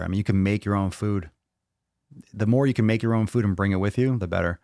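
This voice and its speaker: A man's voice: fairly low pitch, dry recording, clean studio sound. A man hosting a fitness podcast, answering viewer questions in a casual live Q&A, blunt and profane as he reads comments and rants back.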